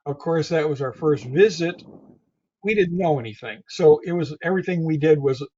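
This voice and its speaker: A man's voice: on the high side, moderate pace, darkish tone, lo-fi sound. A man with a Southern Tennessee accent, a guest in a casual interview, who rambles and often repeats his words.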